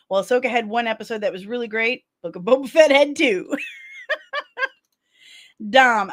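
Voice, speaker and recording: A woman's voice: high-pitched, normal speed, pauses often, a bit bright. A woman hosting a casual pop-culture chat stream, reading viewer comments aloud and answering them with candid, playfully sarcastic opinions. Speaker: host of a daily pop-culture chat show.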